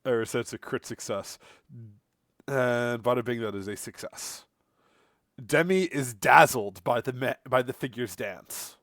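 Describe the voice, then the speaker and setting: A man narrating as game master of a tabletop role-playing game in a lively, animated way. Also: mid-range voice, unhurried, no room sound, clean studio sound.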